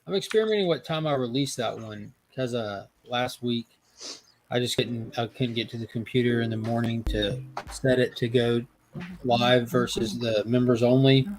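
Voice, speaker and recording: A relaxed, friendly man with a mid-pitched voice, chatting casually over a video call about his online videos. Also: moderate pace, crowd noise. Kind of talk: casual online group chat.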